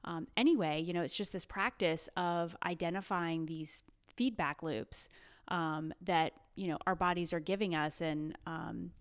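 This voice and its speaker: A woman health coach, a podcast guest, talking in a relaxed, conversational way with frequent fillers. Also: fairly low pitch, measured pace. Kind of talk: casual interview chat. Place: her home, seated on the floor.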